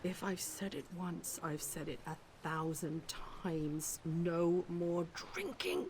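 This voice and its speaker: A hungover high elf chef. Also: female voice, lively intonation, slow, darkish tone, slight background noise. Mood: lamenting. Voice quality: theatrical and self-pitying.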